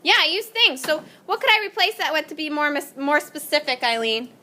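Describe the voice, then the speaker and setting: A woman teaching a class in a high, bright voice. She calls on students by name and encourages them as she works through the lesson in a classroom. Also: very animated, brisk, a little hiss or hum.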